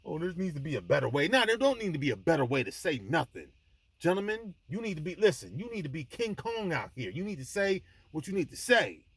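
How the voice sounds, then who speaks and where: A man's voice: high-pitched, big pitch swings, fairly quick, fairly bright tone, husky. A man hosting his own vlog, delivering a blunt, emphatic, preachy monologue with frequent restarts, speaking from an airport. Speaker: vlog host. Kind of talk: impassioned monologue to the camera.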